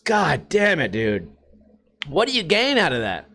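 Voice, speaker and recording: Casting: male podcast host, high voice, lively swoops, profane mocking rant. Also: measured pace, vocal fry. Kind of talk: casual rant. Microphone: podcast microphone.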